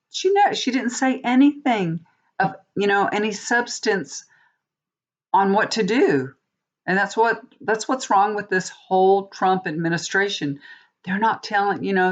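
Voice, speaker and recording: A woman's voice: mid-range voice, measured pace. Chatty woman vlogger with a mid-range voice, tarot reader venting to viewers; muffled lo-fi recording. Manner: chatty, indignant, addresses viewers as y'all. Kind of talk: casual chat to viewers.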